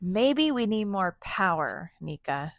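A woman's voice: on the low side, big pitch swings, slow, creaky, a little hiss or hum, exaggerated voice. A woman voicing a young boy inventor in a storybook read-aloud, earnest and determined.

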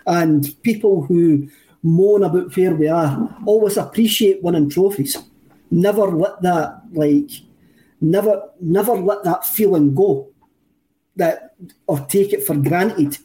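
A man's voice: high voice, slow pace, mellow, low-quality recording. A Scottish man co-hosting a football podcast in casual chat, enthusiastic and rambling, often repeating himself. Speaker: podcast co-host.

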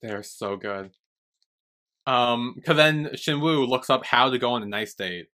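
A young man co-hosting a podcast chats casually, retelling scenes and swearing frequently. His mid-range voice has a sharp tone and runs a little slow.

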